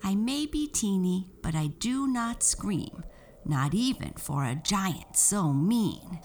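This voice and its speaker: A woman squeaking as tiny brave girl Tottie. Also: lively intonation, slow pace, a little mellow, a little hiss or hum. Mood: indignant. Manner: squeaky, indignant. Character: tiny brave little girl, smallest child.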